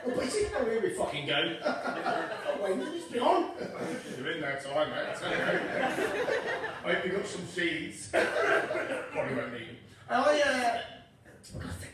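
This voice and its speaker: A young man performs stand-up on a comedy club stage, his high voice swooping wildly in pitch at a moderate pace with a fairly bright tone. Cheeky and sweary, he works the crowd, recorded from a distance in the echoey club.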